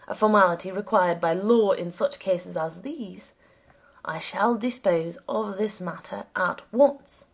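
A woman's voice: medium pitch, husky. A woman voicing a stern, fussy male police commissioner who speaks formally and precisely.

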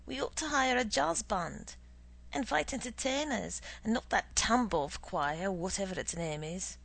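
A woman's voice: mid-range voice, animated, unhurried, gravelly, fairly bright tone, husky, heavily acted. A woman reading aloud and voicing a pompous, blustering male Soviet boss who lectures and scolds. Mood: lecturing. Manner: indignant, lecturing, theatrical.

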